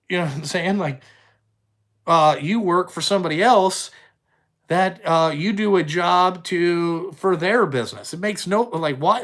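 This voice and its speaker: A man's voice: high voice, fairly bright tone. Blunt, swearing man chatting with viewers. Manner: blunt, heavy swearing, rambling. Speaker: trucking company owner. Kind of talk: casual livestream chat answering viewers.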